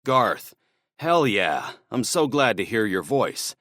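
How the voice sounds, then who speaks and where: A man doing a steady, protective dad. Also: low-pitched, normal speed, no room sound, studio quality, close to an everyday voice. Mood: firm worried. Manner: calm, firm, serious instructions. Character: steady middle-aged father, protective and practical.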